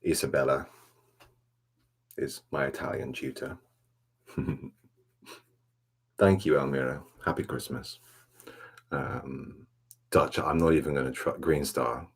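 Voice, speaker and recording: Super low husky guy, soft asmr stream chat, laid back and rambly. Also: steady tone, slow, pauses often. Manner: rambling, reading and answering live chat; laid-back, self-mocking. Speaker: ASMR livestream host.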